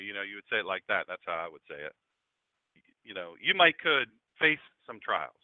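A man, a pastor hosting an internet radio show, talking in a folksy, animated, conversational preaching style straight to his listeners. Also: lowish voice, normal speed, dry recording. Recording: dry, phone-like lo-fi line.

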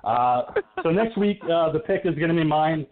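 A man's voice: fairly high pitch, expressive, moderate pace. A man hosting a podcast, chatting casually about horror films and laughing often. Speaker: podcast host. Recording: phone-like call audio.

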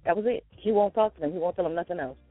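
A man's voice: high-pitched, very fast, no echo. A man co-hosting a casual morning talk show, earnest and a little hesitant, often repeating himself. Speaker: radio show co-host. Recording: tinny phone-like line with faint music.

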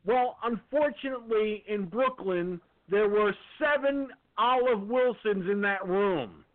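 A man from Peekskill, New York, telling a long anecdote in a casual, animated way and acting out the voices. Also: high voice, a little slow, no room sound. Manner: animated storyteller, acts out the voices. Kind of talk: casual storytelling. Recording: tinny phone line.

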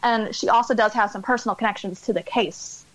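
A woman's voice: medium pitch, steady tone, fairly quick, dry recording, low-quality recording. A woman author being interviewed on a podcast, chatting casually and laughing at herself. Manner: chatty, self-deprecating, laughs often. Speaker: author guest.

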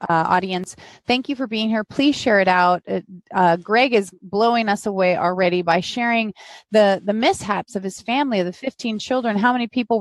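A woman's voice: mid-range voice, dry recording. Engaged woman hosting a live interview. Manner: engaged, speaks with feeling, recaps for viewers. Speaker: host.

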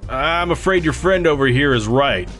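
A man's voice: fairly high pitch, expressive, normal speed, a bit bright, faint music behind. A man voicing a tough, wry male ex-fighter who talks bluntly with a sarcastic drawl. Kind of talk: audiobook character voice.

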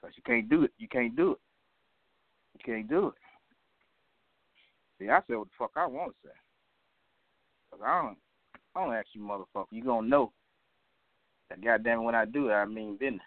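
A man's voice: medium pitch, normal speed, pauses often, dry recording. A man hosting an open phone line, ranting and cursing at callers in a combative, repetitive way. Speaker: phone-line talk show host.

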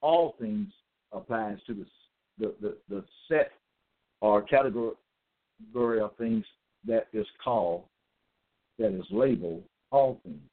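A man's voice: fairly low pitch, lively intonation. Man preaching over tinny phone-like audio. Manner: emphatic and repetitive, stressing words slowly. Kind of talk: religious monologue with scripture readings.

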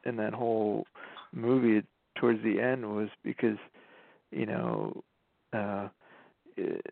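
Slow, gravelly man on a tinny line. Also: fairly low pitch, big pitch swings, no echo. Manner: slow, halting, many fillers and restarts. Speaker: podcast co-host, the intern. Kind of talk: casual chat. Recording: tinny phone-like, dry sound.

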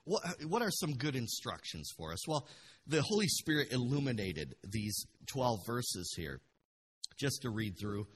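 A man pastor preaching a passionate sermon in a church, dropping to a hush and then rising to loud bursts. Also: mid-range voice, sing-song, a little slow, slight background noise. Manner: passionate, swings from hushed to loud.

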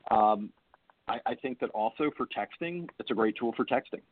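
A man's voice: mid-range voice, animated, moderate pace. A man, a guest recruiter on a casual panel chat, explaining things step by step. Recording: tinny phone-line audio.

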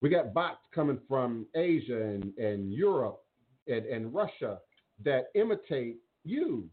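A man's voice: medium pitch, sing-song, a little slow. A man hosting a call-in radio show, talking earnestly in a repetitive, preacherly cadence. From New Orleans, Louisiana. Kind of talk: call-in talk radio monologue. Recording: tinny phone-like line.

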